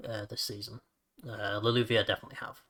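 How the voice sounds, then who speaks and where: A man hosts a relaxed podcast chat with friends. His voice is bright and ringing, and he laughs readily. He trips over repeated words when he gets excited. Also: fairly low pitch, fast talker. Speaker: podcast host. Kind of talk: casual chat.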